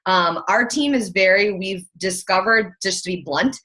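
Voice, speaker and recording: Brief: woman coach, casual chat, blunt and quick, filler-heavy, mid-pitch. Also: pushed and bright. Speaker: team coach and guest.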